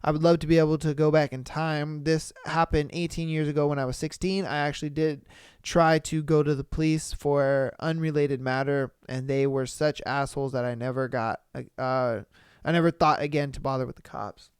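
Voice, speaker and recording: A man hosting a podcast, reading listener stories aloud and reacting in an animated, slangy way with frequent exclamations. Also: on the high side, moderate pace, clear, resonant tone, no echo, clean studio sound. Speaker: podcast host.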